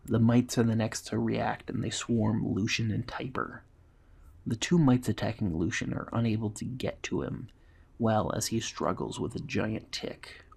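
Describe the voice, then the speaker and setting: A man's voice: lowish voice, fairly even intonation, moderate pace, vocal fry, a little mellow, breathy edge. A man steadily narrating a fantasy adventure story as its storyteller.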